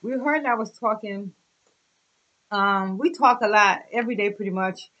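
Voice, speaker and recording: A woman in her forties chatting excitedly and emotionally through a casual unboxing vlog. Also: mid-range voice, normal speed, dull audio. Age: 40s. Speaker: YouTube vlogger.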